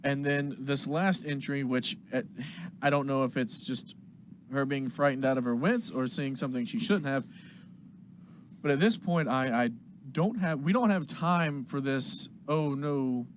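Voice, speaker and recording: A man playing a tabletop game, speaking in character in a measured, earnest way. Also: medium pitch, a little hiss or hum. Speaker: player.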